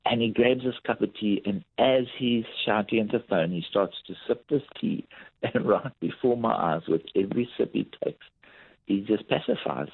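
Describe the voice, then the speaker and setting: A man's voice: fairly low pitch, normal speed, creaky, husky, dry recording. A man, a lifestyle coach, telling workplace anecdotes in a podcast interview, acting out what people said. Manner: animated anecdotal storytelling with acted-out quotes. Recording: tinny phone-like line.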